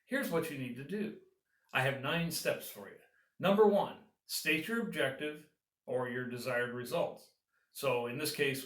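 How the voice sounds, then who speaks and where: A man's voice: mid-range voice, fairly bright tone, reverberant, recorded from a distance. A man, a business consultant, giving earnest, encouraging advice and walking through steps one by one. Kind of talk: advice talk to camera.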